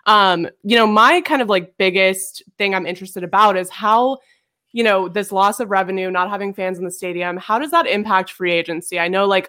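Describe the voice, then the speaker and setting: A woman's voice: mid-range voice, a little fast, fairly bright tone. A woman co-hosts a casual sports podcast. She introduces the guest and asks long, rambling questions in an easy, friendly tone. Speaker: podcast co-host.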